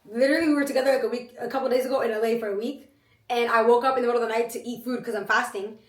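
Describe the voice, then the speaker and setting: A woman, co-hosting a casual podcast chat in an animated, emphatic way, swearing freely. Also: fairly high pitch, racing. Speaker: podcast co-host. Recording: roomy echo, mic at a distance.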